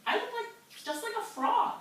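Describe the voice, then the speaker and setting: A woman's voice: high voice, lively intonation, unhurried, pushed and bright, exaggerated voice. Brief: sulky, puzzled little boy fish, played by a woman, storybook tone, distant and echoey. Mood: glum. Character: gloomy little guppy boy turned frog. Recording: echoey classroom, mic far off.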